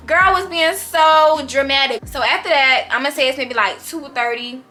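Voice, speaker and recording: A young woman vlogger telling a story in an animated, slangy, dramatic way. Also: high-pitched, normal speed, few pauses. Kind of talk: storytime vlog.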